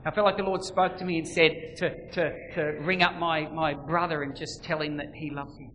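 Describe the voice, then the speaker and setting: Preacher with a bright voice in a reverberant hall. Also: male voice, a little high, flat delivery, moderate pace, a little hiss or hum. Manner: dramatic swings between loud emphasis and quiet. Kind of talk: sermon. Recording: long reverb, faint ambience.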